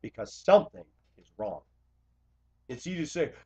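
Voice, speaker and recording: A man speaking to camera in an impassioned confessional monologue, blunt and confrontational, swinging between loud outbursts and quiet asides. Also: lowish voice, very animated, a little slow, slightly rough. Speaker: Christian video blogger. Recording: dull lo-fi recording.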